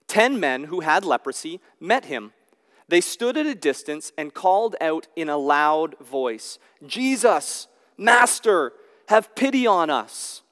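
A man delivering an expository sermon, with casual asides between the passages he reads. His voice sits a little high for a man and comes across smooth and resonant. A long reverb hangs behind each phrase, as in a large hall. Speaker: pastor.

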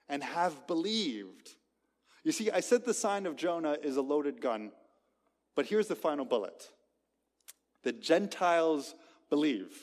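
A man preaching a sermon to a gathered congregation, emphatic, with sharp swings between loud and quiet. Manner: emphatic, dramatic swings in loudness and pitch. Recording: long reverb of a large hall.

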